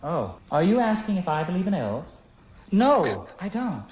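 A man's voice: sits high, sing-song, a little slow, darkish tone. An actor playing an eccentric, breezy male scholar, from an old film soundtrack. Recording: echoey noisy film audio.

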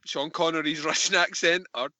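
Bright, enthusiastic man hosting a film podcast. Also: a little high, steady tone, moderate pace, no echo. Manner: enthusiastic, swearing. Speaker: podcast host. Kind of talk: casual film review chat.

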